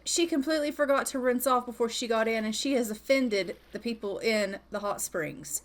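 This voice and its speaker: A woman's voice: a little high, normal speed, hardly any pauses. A young adult woman giving casual gameplay commentary, chatty and swearing freely while voicing her character. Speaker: gaming YouTuber narrating her Sims play.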